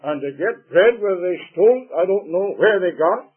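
A man preaching a sermon emphatically, rising to loud declarations and dropping to low asides. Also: lively intonation, normal speed, slightly rough. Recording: tinny, phone-like old sermon recording.

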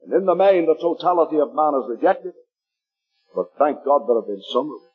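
A man from Liverpool, England, with a Liverpool accent, preaching a fervent sermon and slowing down to read scripture aloud. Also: fairly high pitch, expressive, husky, phone-quality sound, soft background music.

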